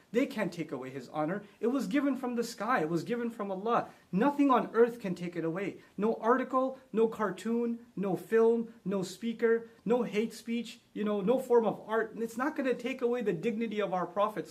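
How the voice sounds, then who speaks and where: A man giving a short religious talk, rising into emphatic delivery on key points and murmuring honorifics quickly under his breath. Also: high-pitched. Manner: builds to emphatic, rising delivery when quoting scripture. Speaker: Islamic speaker.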